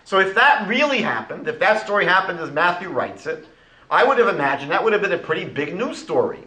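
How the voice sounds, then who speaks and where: A man giving a lecture as a rabbi, animated and rhetorical, retelling conversations. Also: high-pitched, fairly quick, reverberant, rough recording.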